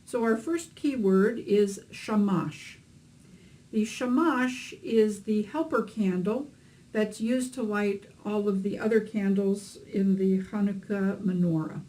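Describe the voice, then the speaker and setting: A woman's voice: medium pitch, slow pace, mellow, low-quality recording. A woman teaching beginners to read Hebrew, explaining letters and vowels patiently with a few fillers. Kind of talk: instructional lesson narration.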